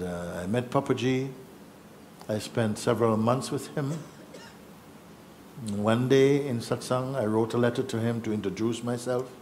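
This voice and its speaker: A man telling a personal story in a reflective, halting way, acting out what others said. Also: fairly low pitch, darkish tone, a little hiss or hum. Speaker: spiritual teacher.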